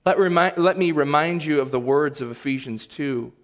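A man preaching a sermon as a pastor, earnest and animated, with sudden loud bursts. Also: fairly high pitch, normal speed.

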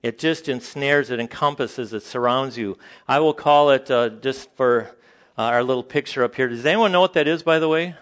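A man preaching a sermon to a congregation, conversational and halting, with frequent fillers and joking asides. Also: medium pitch, fairly bright tone. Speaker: pastor.

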